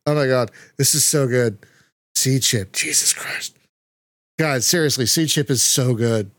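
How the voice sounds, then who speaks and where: A man's voice: medium pitch, a little slow, a bit bright, no room sound. A man hosting a casual podcast chat, gushing with frequent exclamations. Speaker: podcast host.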